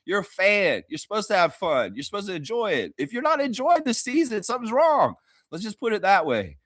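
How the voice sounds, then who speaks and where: A young man hosting a casual fan show, excitable, laughing often and mimicking others in high squeaky voices. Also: brisk, no echo. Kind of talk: casual fan talk stream.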